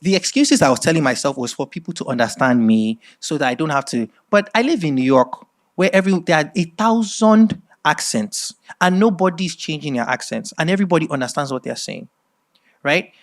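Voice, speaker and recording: A middle-aged man from Nigeria with a Nigerian accent, giving a masterclass lecture as animated storytelling and often checking in with "right?". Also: on the high side, fairly quick. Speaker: speaker at a masterclass.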